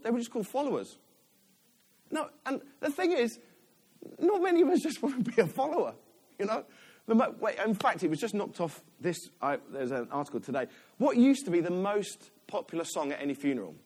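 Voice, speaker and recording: A middle-aged man preaching a sermon, chatty and animated, often breaking off into restarts and laughs. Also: extremely high pitch, husky.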